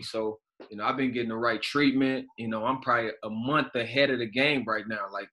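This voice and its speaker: A man in his thirties from Chicago, a guest telling stories in a casual, slangy, profane way over a video call. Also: lowish voice. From Chicago, United States. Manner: animated storyteller, slangy and profane. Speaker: guest, professional basketball player.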